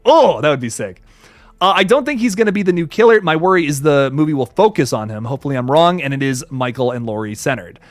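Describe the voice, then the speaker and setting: A young man hosts a casual livestream, reading chat comments and reacting with lively, profane enthusiasm. His voice sits slightly high for a man. The recording is close and dry, with almost no room sound. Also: dry recording. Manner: animated, swearing, quick asides and self-corrections. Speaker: livestream host.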